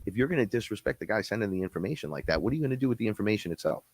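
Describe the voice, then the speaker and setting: A man ranting in a casual, blunt, profane way on a podcast, quick and heated, often slipping into imitations of other people. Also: fairly low pitch, expressive, no echo. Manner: blunt, profane, fast-talking, mimics others. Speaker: podcast guest-host. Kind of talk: casual rant.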